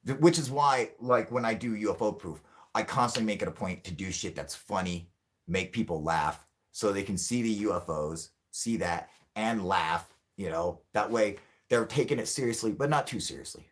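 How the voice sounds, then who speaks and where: A man hosting a UFO livestream in casual chat with viewers, rambling and swearing, joking and laughing often, and turning loud and mock-heated when riled. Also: on the low side, expressive, moderate pace.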